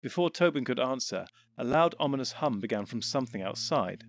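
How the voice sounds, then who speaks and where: A man narrating an audiobook in an even, steady storytelling voice on a close mic. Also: medium pitch, brisk.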